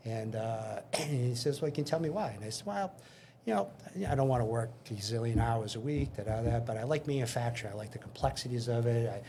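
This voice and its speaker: Older male interview guest: a chatty storyteller who quotes dialogue and restarts sentences, medium-pitched voice, faint hiss in the background. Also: a little fast, dark tone. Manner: anecdotal, acts out dialogue, frequent restarts. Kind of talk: casual storytelling.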